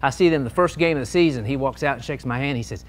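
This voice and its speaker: A man telling lively officiating stories to an audience at a meeting, acting out the shouted lines. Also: medium pitch, fast, a little hiss or hum. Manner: animated anecdotes, shouting out quoted lines. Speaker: sports official and speaker. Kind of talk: storytelling talk to an audience.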